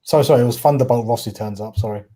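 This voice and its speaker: Mellow-voiced Cockney man chatting. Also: medium pitch, rapid-fire. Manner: rambling, self-correcting, often trips over words. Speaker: podcast co-host. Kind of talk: casual chat.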